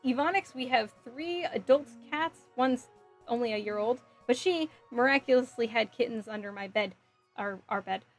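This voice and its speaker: A woman with a slightly high voice chats casually on a live stream from home, giggling often and thinking out loud as she reads comments. Faint music plays quietly behind her. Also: normal speed. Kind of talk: casual live-stream chat, reading chat aloud.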